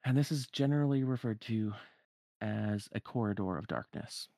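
Give me a man with a low, gravelly voice, casually recapping a game story. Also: normal speed, mellow, no echo. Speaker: podcast host recapping a game.

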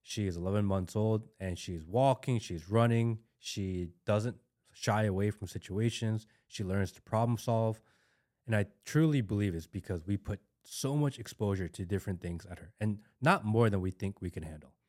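A man with a low voice speaking as a guest on a relaxed podcast. He talks bluntly and with conviction, driving his points home by repeating key words. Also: normal speed. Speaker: podcast guest, father of an infant. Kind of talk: casual podcast conversation.

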